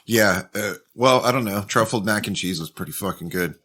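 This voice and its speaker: A man telling travel stories in a deadpan, matter-of-fact way on a casual podcast. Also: fairly low pitch, normal speed, slight background noise. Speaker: podcast co-host. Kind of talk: casual chat.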